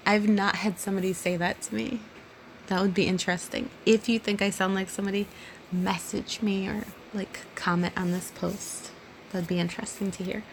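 A drunk woman in her thirties answering listener questions in a casual solo monologue, giggly and rambling, often dropping to a soft near-whisper. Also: medium pitch, flat delivery, normal speed, a little hiss or hum. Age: 30s.

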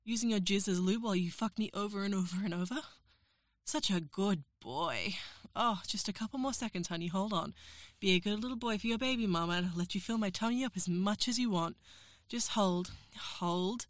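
A woman's voice: medium pitch, quick pace, no room sound, clean studio sound. A woman performing an erotic audio role-play as a professor, teasing, coaxing and giving orders.

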